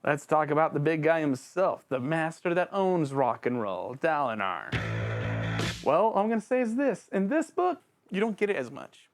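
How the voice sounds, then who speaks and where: A channel host giving a casual, excitable spoken book review, joking around and talking straight to the author and characters. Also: normal speed, soft background music. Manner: excitable and jokey, with big swings in pitch; addresses the author and characters directly, playful slang.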